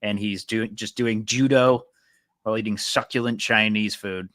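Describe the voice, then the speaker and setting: A man's voice: fairly low pitch, steady tone, normal speed, a bit bright, no room sound. A man co-hosting a podcast, chatting casually in a rambling, laid-back way. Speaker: podcast co-host. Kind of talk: casual chat.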